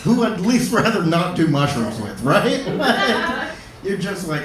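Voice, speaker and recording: A man doing a stand-up comedy set on a club stage, talking in a halting way with lots of fillers and restarts. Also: high voice, very animated, slight background noise. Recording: roomy club, distant mic, loud audience.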